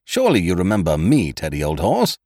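A man's voice: sits low, wildly swooping pitch, fairly quick, a little mellow, no echo, clean studio sound, full character voice. A man voicing a buoyant, chummy young male schemer in a story reading. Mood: hearty. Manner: hearty and chummy.

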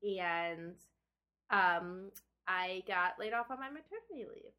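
A woman's voice: lowish voice, animated, slow, highs cut off. A woman game designer, a guest in a casual interview, telling stories in a rambling, self-deprecating way with many fillers.

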